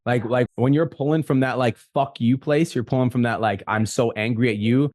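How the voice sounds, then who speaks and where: A man's voice: mid-range voice, steady tone, darkish tone, no echo, clean studio sound. A man hosting a podcast in casual chat, talking bluntly and swearing often. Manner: fast, blunt, swears a lot. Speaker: podcast host.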